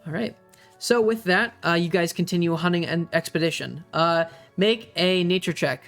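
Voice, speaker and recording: Young male game master, high-ish voice, hesitant narration, faint music under. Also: creaky, fairly bright tone. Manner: halting, many ums and uhs.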